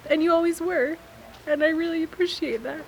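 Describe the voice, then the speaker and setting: A woman's voice: very high voice, fairly quick, a little hiss or hum, low-quality recording. A woman recording an emotional message to her mother, close to tears as she speaks. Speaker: daughter sharing a memory. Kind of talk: heartfelt message to camera.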